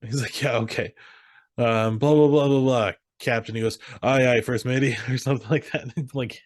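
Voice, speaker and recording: A man's voice: mid-range voice, fairly quick, no room sound. Man animatedly retelling a movie. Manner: animated retelling, quoting characters, swearing, laughing. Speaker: podcast co-host. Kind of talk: casual movie recap chat.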